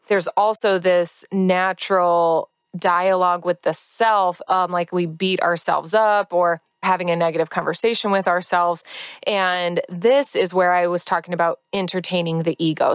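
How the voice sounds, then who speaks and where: A woman hosting a podcast as a coach, talking casually and earnestly, sometimes acting out voices in a high pitch. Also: smooth, no echo. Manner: earnest, acts out inner-critic voices in high tones. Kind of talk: casual solo podcast talk.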